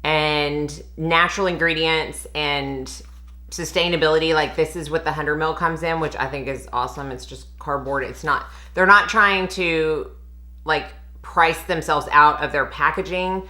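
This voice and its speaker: A woman's voice: deep voice, steady tone, a little slow, pushed and bright. A woman, chatting enthusiastically while reviewing perfumes as a beauty vlogger. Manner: chatty, enthusiastic, laughs often. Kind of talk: casual fragrance review chat.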